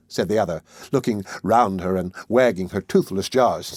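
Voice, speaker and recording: A man narrating a classic novel as an audiobook, reading in an even, unhurried way into a close mic. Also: low voice, no echo. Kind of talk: scripted narration.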